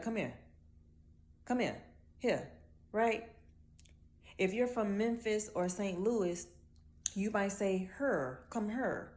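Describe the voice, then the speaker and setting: A woman from Miami with a Miami accent, ranting bluntly and with lots of swearing in a casual monologue. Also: medium pitch. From Miami, Florida. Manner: blunt, profane, animated storytelling with drawn-out words. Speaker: vlogger.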